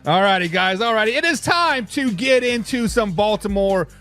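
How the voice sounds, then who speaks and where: A man hosting a live sports talk show, reading fan comments and ranting in a casual, animated way. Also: high voice, normal speed, soft background music.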